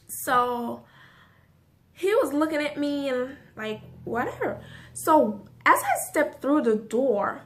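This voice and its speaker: A woman vlogger telling a casual story to camera, animated and full of swearing, tying it together with "so" and "like". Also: sits high, takes it slowly, slight background noise. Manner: animated, profane storytelling with frequent "so" and "like".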